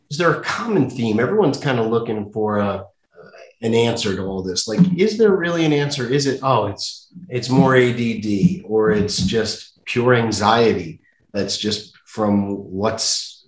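Guy interviewer asking long wandering questions, roomy echo on his voice. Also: mid-range voice. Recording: echoey room.

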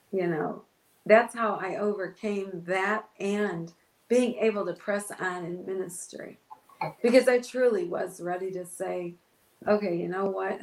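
A woman's voice: mid-range voice, reverberant, low-quality recording. A woman pastor telling an emotional personal story in an interview, acting out her own past words. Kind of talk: testimony in an interview.

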